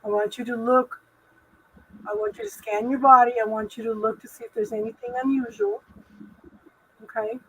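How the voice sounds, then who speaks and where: A woman hosting a live spiritual talk stream from her home, rambling gently through spiritual advice with lots of fillers and restarts. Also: fairly high pitch, big pitch swings, moderate pace, pauses often, breathy edge, low-quality recording. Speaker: host.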